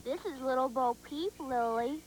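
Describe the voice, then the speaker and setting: A woman voicing Dumbo as a gentle, kind young elephant on a children's TV show, talking in a soft, reassuring, unhurried way. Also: high-pitched, a little hiss or hum, close to an everyday voice, poor audio.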